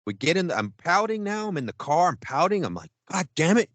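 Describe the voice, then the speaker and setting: A fast-talking man with a slightly high voice, recorded without echo, co-hosts a podcast. In loose, profane banter he spins a rambling story, animatedly acting out the things he said.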